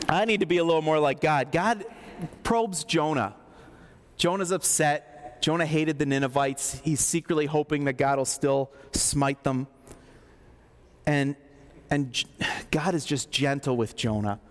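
High-voiced joking preacher in a reverberant hall. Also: male voice, unhurried, long pauses. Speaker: pastor. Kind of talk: sermon.

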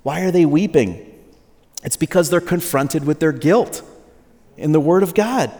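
A pastor preaching a sermon in a relaxed, conversational way, joking with the congregation and acting out quotes in a higher voice. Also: male voice, unhurried. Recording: long reverb of a large hall.

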